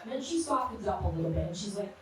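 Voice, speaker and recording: A woman's voice: mid-range voice, expressive, racing, heavy reverb, recorded from a distance, noisy background. A woman in her thirties performing a brash, punchy stand-up set in a live comedy club. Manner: brash, punchy storytelling with crude jokes.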